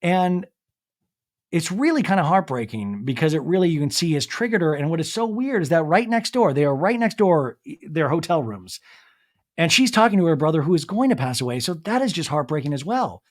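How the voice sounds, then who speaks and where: Animated young man recapping reality TV. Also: on the high side. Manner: animated, quotes people in quick asides, swearing. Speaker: podcast host recapping a reality show. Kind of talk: casual recap chat.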